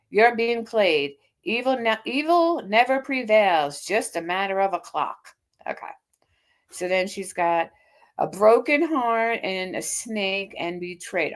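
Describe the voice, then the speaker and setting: A woman's voice: medium pitch, expressive, moderate pace. A woman in her fifties hosting a casual livestream, reading out a critic's posts and mocking them with sarcastic comebacks. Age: 50s. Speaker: livestream host. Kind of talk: casual reaction stream.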